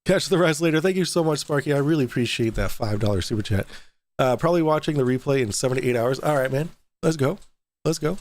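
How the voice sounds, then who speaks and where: A man's voice: mid-range voice, quick pace. A young adult man hosting a casual livestream, chatting loosely, reading out viewer donations and swearing now and then. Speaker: livestream host.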